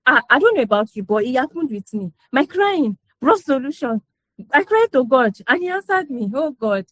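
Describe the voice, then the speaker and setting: A woman's voice: high voice, sing-song, moderate pace, fairly bright tone, dry recording. A woman talking casually to a group about parenting, often checking in with "do you understand" and laughing as she tells stories. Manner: conversational, repeats herself, frequent "you know" and "do you understand". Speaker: parent speaker in a parenting session.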